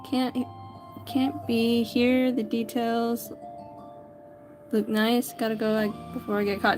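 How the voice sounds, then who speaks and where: Chatty high-voiced woman streaming her drawing. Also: fairly even intonation, takes it slowly, pauses often, faint music behind. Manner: chatty, greets viewers by name; stumbles and corrects herself often. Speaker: livestreaming artist. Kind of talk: casual chat while drawing.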